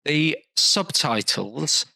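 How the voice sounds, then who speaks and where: A man's voice: on the high side, expressive, very slow, gravelly, bright, forceful tone, no room sound, poor audio. A man from London with a London accent, hosting a podcast in casual chat, rambling with restarts and fillers. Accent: London English. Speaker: podcast host.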